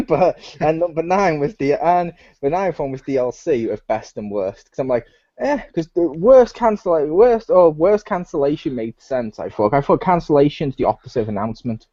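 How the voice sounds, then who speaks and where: Guy hosting a gaming podcast, jokey and rambly, swings his pitch all over, mellow tone on a dull dry mic. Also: expressive, normal speed, dry recording. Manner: jokey, laughs often, rambling. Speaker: podcast host. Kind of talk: casual chat.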